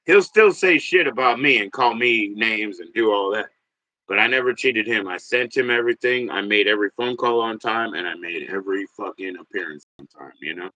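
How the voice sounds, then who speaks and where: A man in his forties hosting a livestream, rambling and swearing, jumping from loud bursts to mutters. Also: lowish voice, fairly quick, no echo, rough recording. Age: 40s. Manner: rambling, profane, swings between loud and muttered. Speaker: livestream host. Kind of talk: casual livestream rant.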